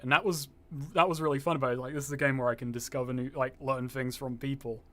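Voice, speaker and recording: A man's voice: medium pitch, steady tone, fast talker, fairly bright tone. Casual, swearing young male streamer. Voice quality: slightly posh-sounding. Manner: rambling, swears freely, reads chat aloud. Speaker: gaming streamer. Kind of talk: casual livestream chat.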